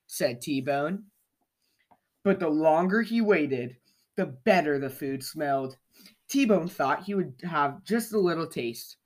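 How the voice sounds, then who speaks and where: Slow, expressive children's story reader. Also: medium pitch. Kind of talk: storybook read-aloud for kids.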